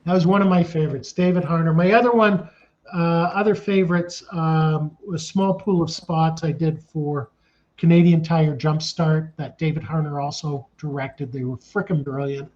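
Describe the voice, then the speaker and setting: A casting director in his sixties, telling animated stories in an interview and acting out the scenes he describes. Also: fairly high pitch, normal speed. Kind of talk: storytelling in an interview. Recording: dull lo-fi sound.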